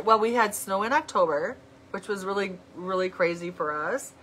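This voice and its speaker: A middle-aged woman talking to her viewers in an earnest, heartfelt way, often halting and restarting her sentences. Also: medium pitch, fairly bright tone, breathy edge. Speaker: vlogger. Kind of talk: heartfelt casual talk to viewers.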